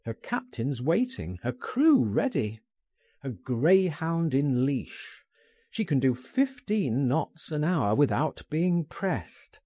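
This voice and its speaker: A man narrating a first-person story as an audiobook in a measured, expressive manner. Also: on the high side, husky, dry recording.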